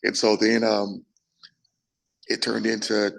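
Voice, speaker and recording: A young man, a bodybuilder, telling his story in a casual interview, animated and full of restarts, acting out quotes. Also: lowish voice, a little slow, pauses often, poor audio. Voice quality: gravelly, husky. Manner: animated, acts out quotes, frequent restarts and profanity.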